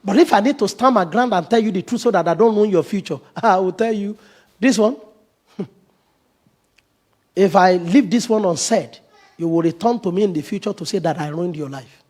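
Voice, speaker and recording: High-voiced man preaching a lively sermon. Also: moderate pace, long pauses. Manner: animated preaching, acts out quoted voices, laughs often. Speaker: pastor.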